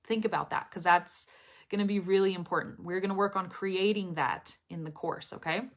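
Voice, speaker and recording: Expressive, clear-spoken woman teacher. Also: lowish voice, moderate pace. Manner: expressive, very clear speech, laughs often. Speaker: English pronunciation teacher. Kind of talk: live stream chat with students.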